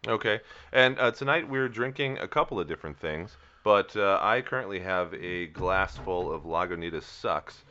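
Low-pitched male podcast co-host, bright crisp tone, halting delivery, dull lo-fi recording. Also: animated, a little hiss or hum. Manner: halting, many fillers and restarts. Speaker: co-host of a fantasy football podcast. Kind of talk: casual chat.

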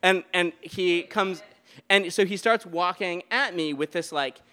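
A man telling a true story live on stage at a beer garden show, in a rambling, animated way with many restarts and fillers. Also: sits high, unhurried, clean tone.

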